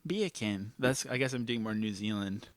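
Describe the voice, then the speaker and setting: A man's voice: lowish voice, steady tone, a little fast, no room sound. A man hosting a podcast in casual chat, playful and laughing often. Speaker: podcast host.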